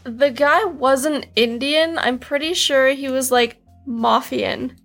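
A woman's voice: high voice, slow, fairly bright tone, soft background music. A woman co-hosting a podcast in casual chat, teasing and insistent. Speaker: podcast co-host.

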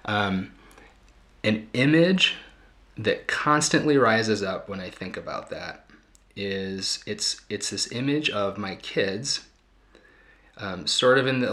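A man hosting a reflective talk, a therapist speaking earnestly to his audience and pausing often to find his words. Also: lowish voice, bright, forceful tone. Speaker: host and therapist.

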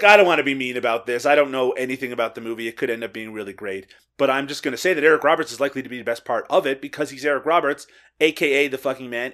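A man's voice: medium pitch, a bit bright. A man hosting a comedy film podcast, joking and laughing often as he chats and reads plot summaries. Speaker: podcast host. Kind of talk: casual podcast chat.

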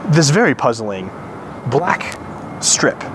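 A man's voice: mid-range voice, sing-song, takes it slowly, over a noisy crowd. A man co-hosting a podcast, chatting casually and enthusiastically while touring cars on an auto show floor. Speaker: podcast co-host. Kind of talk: casual walking-tour chat.

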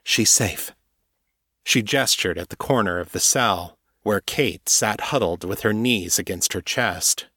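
Fiction narrator, male, low voice, measured delivery, dry booth sound. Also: pushed and bright, no room sound. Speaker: audiobook narrator.

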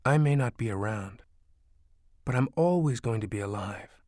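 A man voicing a gentle, ill young mother in a storybook reading, soft and soothing. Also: mid-range voice, expressive, moderate pace, no echo, studio quality, close to an everyday voice.

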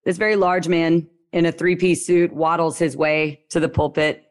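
A young woman from Louisiana with a Southern accent, telling her story as a guest in a casual, lively way with playful slang. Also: sits low, moderate pace.

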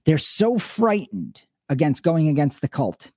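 A man co-hosting a podcast, talking casually and telling animated stories in which he acts out the people he quotes. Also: on the high side, measured pace, slightly rough, dry recording, clean studio sound. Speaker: podcast co-host.

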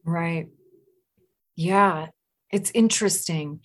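A woman hosting a casual podcast conversation, animated when telling stories and quick to laugh. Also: lowish voice. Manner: animated storyteller, laughs easily.

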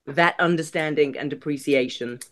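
Low-voiced British woman, chatty guest. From Britain. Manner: chatty, self-deprecating, quick to laugh. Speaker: guest, arts executive director. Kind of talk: casual podcast interview.

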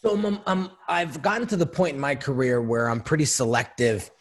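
A man's voice: medium pitch, normal speed. A man who is a podcast guest, telling candid stories in a conversational way and often repeating words as he starts a sentence. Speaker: branding consultant guest.

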